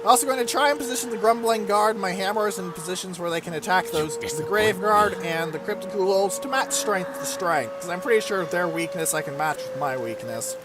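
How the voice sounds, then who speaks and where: A man's voice: high voice, brisk, hardly any pauses, loud music behind the voice. A man giving casual, chatty commentary over his strategy game let's play, swearing now and then. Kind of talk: gameplay commentary.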